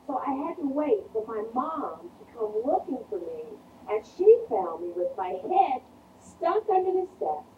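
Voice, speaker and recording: A woman telling a personal childhood story aloud, in an animated and expressive way. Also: sits high, a little slow. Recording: echoey room, mic from a distance, faint noise.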